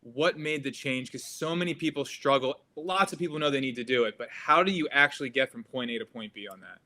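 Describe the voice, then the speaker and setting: A man's voice: medium pitch, fairly quick, bright, forceful tone. A man hosting a podcast, asking a guest direct questions in a conversational way. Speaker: podcast host. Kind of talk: interview questions.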